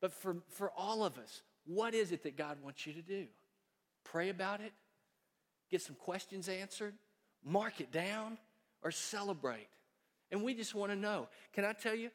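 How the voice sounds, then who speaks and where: A man preaching a sermon as pastor in a church sanctuary, folksy and storytelling, growing quiet and earnest. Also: high-pitched. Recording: long reverb of a church hall.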